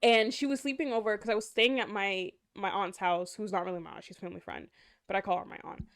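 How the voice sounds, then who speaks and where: A woman's voice: mid-range voice, steady tone, quick pace, gravelly. A young woman co-hosting a podcast, telling a story in casual chat and acting out the quotes with big jumps in her voice. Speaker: podcast co-host.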